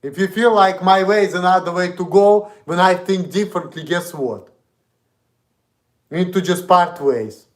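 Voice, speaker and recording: A man's voice: sits high, moderate pace. A man with a Russian accent, streaming an indignant, profane, repetitive rant. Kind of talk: ranting monologue.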